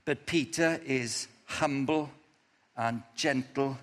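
This man's mid-range, slightly bright voice moves slowly as he preaches a sermon in a reverberant hall, likely a church or meeting room in the evening. He animates a story for the gathered audience and poses questions to them.

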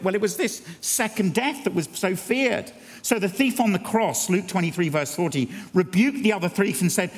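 Man preaching, high, echoing hall. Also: lively intonation, normal speed, few pauses. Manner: earnest, building to emphatic peaks. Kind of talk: sermon. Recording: long reverb of a large hall.

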